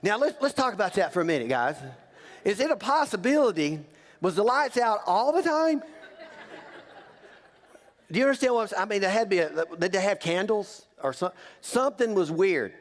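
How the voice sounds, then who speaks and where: A man's voice: sits high, sing-song, normal speed. A man preaching as a pastor, telling a story in a joking, conversational way and teasing the congregation. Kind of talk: humorous sermon storytelling. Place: church sanctuary. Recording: long reverb of a church hall.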